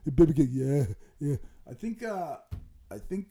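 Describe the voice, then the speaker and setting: A man's voice: fairly high pitch, animated, normal speed, warm tone, husky. A man doing a comic impression of a boastful bodybuilder, rambling and giggling through mock threats. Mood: swaggering. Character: boastful bodybuilder impression, male, middle-aged, menacing-jolly. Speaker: comedy guest in character.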